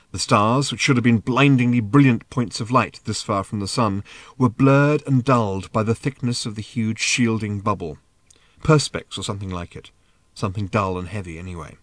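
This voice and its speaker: A man narrating an audiobook in a measured, expressive reading. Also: lowish voice, dry recording. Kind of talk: scripted narration.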